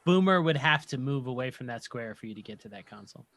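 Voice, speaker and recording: A man running a tabletop game as game master, calmly explaining rules and narrating scenes. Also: mid-range voice, fast, dry recording.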